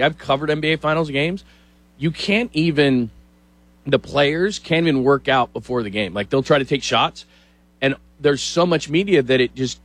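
A middle-aged man hosting a sports talk show, chatting casually and telling animated stories. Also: on the high side, dry recording. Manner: chatty storyteller, animated asides.

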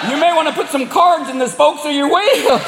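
Comic putting on a small-town gas station guy, brash, high and lively, echoey club. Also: a little fast, very noisy. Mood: mocking. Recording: echoey venue with loud crowd.

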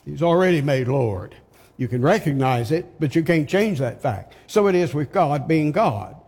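Older male preacher, slightly high voice, slow and deliberate, heavy reverb. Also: animated, a little mellow, husky. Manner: slow, emphatic preaching with rhetorical questions. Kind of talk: sermon. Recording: long hall reverb.

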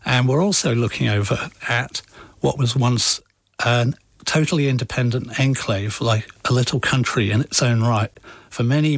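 Measured male author on a dry mic. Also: mid-range voice, vocal fry, no room sound. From England. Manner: measured, storytelling. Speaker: author, guest. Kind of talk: radio interview.

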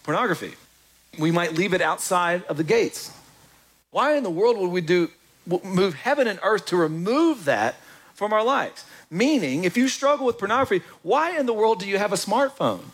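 A man preaching a sermon in an animated, conversational way, with quick asides to the congregation. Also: high voice, husky. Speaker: pastor.

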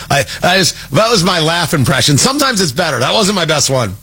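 A man's voice: on the high side, big pitch swings, a little fast, hardly any pauses, sharp tone, husky. A man delivering a sarcastic, exasperated political opinion monologue as a commentator.

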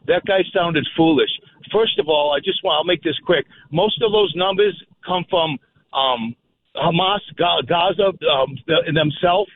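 A man calls in to a talk radio show, agitated and halting as he searches for his words through many fillers. His voice sits high, and it comes through dry and thin over a tinny phone line. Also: no echo. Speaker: caller.

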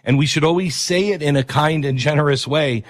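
A man's voice: fairly high pitch, a little fast, no echo. A man hosting a talk radio show, delivering a rambling, opinionated monologue with self-deprecating asides.

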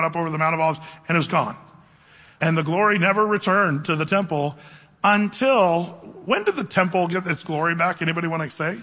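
A man preaching a sermon in a casual, conversational way, asking the congregation questions and slowing down to read scripture aloud. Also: a little high, pushed and bright. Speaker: pastor. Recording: long hall reverb.

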